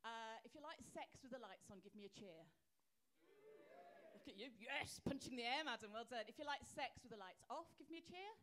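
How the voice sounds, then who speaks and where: Woman, birmingham accent, stand-up comic, cheeky brash delivery, high voice. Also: lively intonation, a little fast, fairly bright tone. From Birmingham, England. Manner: brash, cheeky, teasing the audience. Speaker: stand-up comedian. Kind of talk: live stand-up. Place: live comedy venue.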